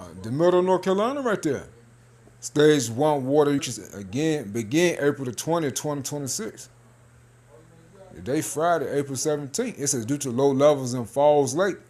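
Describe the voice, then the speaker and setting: A man with a mid-range voice talks through news items in a loose, casual way. He reads passages aloud, then riffs on them in a half-joking tone, throwing in plenty of "man" and "hey.". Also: mid-range voice. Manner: loose and animated, peppered with 'man' and 'hey'; half-joking, laughing between points. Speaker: religious video commentator.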